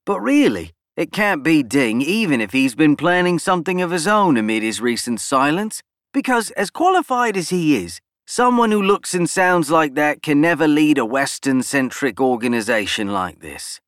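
A man's voice: very animated, moderate pace, a bit bright, no room sound, clean studio sound. A man doing a brash, boastful schemer. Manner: snapping, boastful, raised pitch. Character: brash arrogant male politician, scheming.

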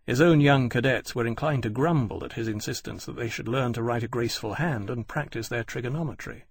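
A man reading a novel aloud in even, measured scripted narration. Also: medium pitch, breathy edge, no echo. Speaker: audiobook narrator.

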